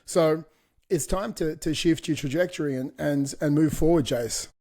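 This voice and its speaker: A middle-aged man co-hosting a fitness podcast, sounding blunt and motivational. His voice sits a little high for a man, and he swears casually as he pushes listeners to act. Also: moderate pace, darkish tone. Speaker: podcast co-host.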